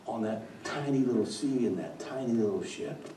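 A man preaching a dramatic storytelling sermon, swinging from hushed to loud, recorded in a church. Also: on the low side, lively intonation, normal speed, a little hiss or hum. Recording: echoey church from far off.

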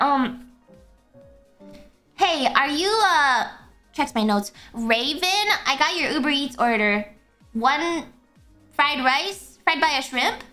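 A young woman streaming a game, talking casually, excitable and swearing a lot. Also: high voice, takes it slowly, pauses often, faint music behind. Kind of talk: casual gameplay commentary.

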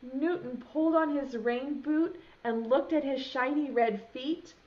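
Her voice high and her pace a little slow, a young woman who teaches preschool reads a picture book aloud at home for a video lesson, asking the small children questions in an animated manner. The recording has a dull, lo-fi quality.

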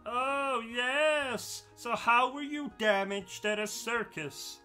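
A man's voice: very high voice, slow pace, pushed and bright, soft background music, heavily acted. A man voicing a timid, dim manservant who hesitates with "uh" and "um" before he speaks. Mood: meek. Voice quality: smooth, hesitant with "uh" and "um". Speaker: sidekick.

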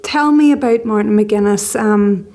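A woman's voice: medium pitch, unhurried, a little mellow. A woman interviewer who asks short, direct questions.

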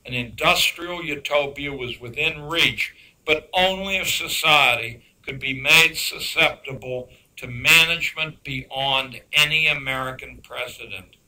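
A man giving a public lecture on education, emphatic and dryly sarcastic, slowing down to stress key words. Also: mid-range voice, bright, forceful tone, rough recording. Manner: dry sarcastic asides.

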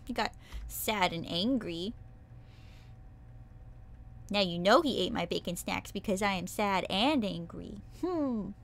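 A woman with a medium-pitched, animated voice speaks slowly, leaving long pauses. She's a VTuber on a casual livestream, chatting playfully with viewers and breaking into squeals and cutesy sound effects.

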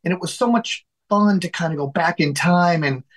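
A man with a slightly high voice tells a long personal story from his home studio. He acts out what other people said with lively energy. He keeps restarting his sentences and repeating words. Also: normal speed, rough recording. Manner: animated storyteller who acts out quoted dialogue. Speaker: guest, singer and songwriter. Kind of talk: storytelling interview.

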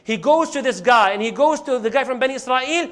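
A man telling a sermon story in animated style, acting out scenes and reciting verses. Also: very high voice, a little fast. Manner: animated, acts out the scenes, quotes Quranic Arabic. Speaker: Islamic preacher.

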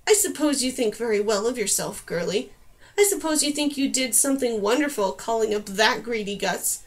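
A cruel Stormwing queen hisses her taunts low and slow, as a woman reads her in an audiobook. The voice drops well below the reader's own and is high-pitched for a woman. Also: lively intonation, natural voice. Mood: taunting. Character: cruel sneering female Stormwing queen, half-bird monster.

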